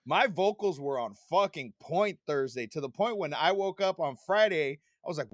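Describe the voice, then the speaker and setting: A man in his forties hosting a podcast, telling long stories in casual chat, animated and full of swearing. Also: a little high, normal speed, few pauses, no room sound, clean studio sound. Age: 40s. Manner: profane, animated storytelling. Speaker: podcast host.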